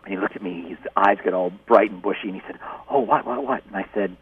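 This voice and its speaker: A man who is a spiritual teacher, a guest on a radio show, telling a story gently and laughing often over a phone line. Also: deep voice, little pitch movement, rapid-fire, husky. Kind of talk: storytelling in conversation. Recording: tinny distant phone line.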